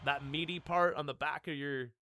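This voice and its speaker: A man's voice: a little high, fairly even intonation, moderate pace, bright, forceful tone, a little hiss or hum. A man streaming a video game, chatting casually in a rambling, laid-back way full of "like" and "dude". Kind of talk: casual stream chat while gaming.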